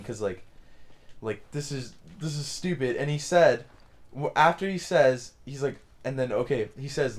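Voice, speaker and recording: A man's voice: mid-range voice, normal speed. Rambling young man telling a story. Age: young adult. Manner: rambling, lots of "like" and restarts. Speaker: let's play commentator. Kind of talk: casual storytelling over gameplay.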